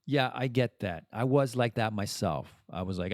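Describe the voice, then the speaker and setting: A man's voice: fairly low pitch, normal speed, few pauses, darkish tone, dry recording, studio quality. A French-speaking man hosting a podcast, talking candidly and bluntly in a personal monologue and swearing freely. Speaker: podcast host.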